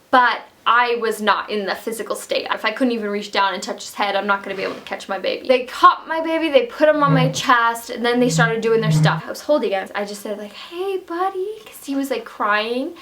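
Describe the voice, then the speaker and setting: Bright-voiced chatty young woman. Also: fairly high pitch. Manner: chatty, many fillers like "like". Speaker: vlogger. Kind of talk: casual personal storytelling. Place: home room.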